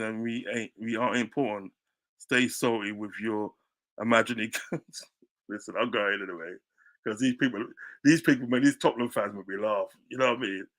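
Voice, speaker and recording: Male football fan, live-stream rant, combative, repeats himself, mid-pitched voice that breaks into loud shouts.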